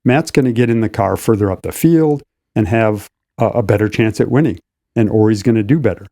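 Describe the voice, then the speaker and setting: Brief: older man, low mellow voice, dry close sound, measured podcast talk. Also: no room sound. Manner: measured, explanatory, with restarts. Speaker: racing competition director, co-host. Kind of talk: casual podcast chat.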